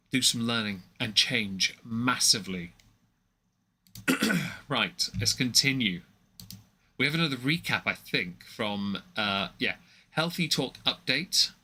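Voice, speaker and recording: A man's voice: mid-range voice, lively intonation, slow, pauses often, pushed and bright, breathy edge. A young man giving rambling, mocking commentary on a livestream, with many fillers and restarts.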